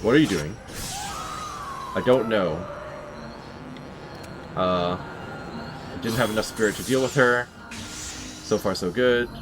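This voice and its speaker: A man giving let's play commentary on a horror game, wry and talking back to the enemies as he plays. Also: low voice. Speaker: gameplay commentator. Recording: game music playing behind. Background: game music.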